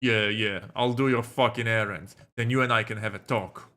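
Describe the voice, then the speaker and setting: A man's voice: on the low side, fairly even intonation, moderate pace, sharp tone. A man voicing a bossy, possessive adult man who gives curt orders and brushes off complaints. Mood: curt, dismissive. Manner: curt, commanding.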